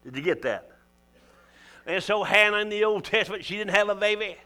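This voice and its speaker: A man's voice: high-pitched, expressive, fairly quick, sharp tone. An older man preaching a folksy sermon in church, calling out to the congregation. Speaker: pastor.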